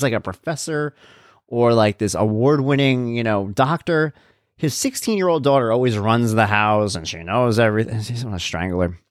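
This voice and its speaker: A man's voice: mid-range voice, no room sound. Casual wry male talker, tangent-prone dad, dry close sound. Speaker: vlogger and father. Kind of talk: casual rambling chat.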